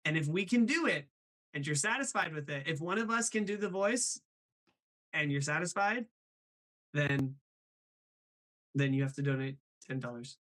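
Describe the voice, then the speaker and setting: A man hosting a casual live stream, animated and reading chat messages aloud. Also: on the high side, moderate pace, pauses often. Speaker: host of a live stream show.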